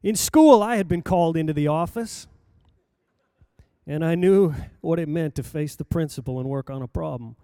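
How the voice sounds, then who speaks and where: An older man preaching, telling a personal story in a lively anecdotal way with acted-out quotes. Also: fairly high pitch, normal speed, clean tone, no echo, studio quality. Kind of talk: sermon storytelling.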